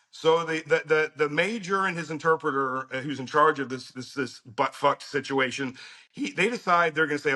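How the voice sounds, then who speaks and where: A man's voice: on the high side, expressive, normal speed, bright, forceful tone. A middle-aged man telling a story as a podcast guest, blunt and profane, laughing now and then. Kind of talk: casual storytelling.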